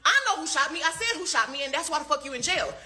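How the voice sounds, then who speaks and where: Woman, high and sharp, venting in a profane rant with rapid rhetorical questions and laughing asides. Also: animated. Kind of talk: heated social media rant.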